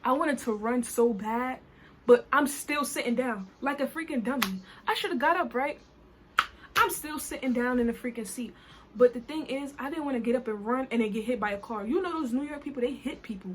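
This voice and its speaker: Woman from new jersey, high voice, animated colloquial storytelling, faint background noise. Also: fairly quick. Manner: animated, colloquial, lots of "I was like". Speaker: vlogger. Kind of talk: casual story time.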